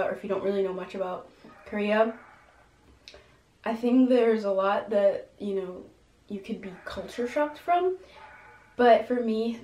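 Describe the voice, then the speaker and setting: A woman's voice: medium pitch, warm tone. Chatty young woman, echoey room. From New York. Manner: chatty, many fillers like "um" and "like". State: voice a bit shaky from hunger. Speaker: mukbang vlogger. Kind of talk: casual chat while eating. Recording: echoey room with faint noise.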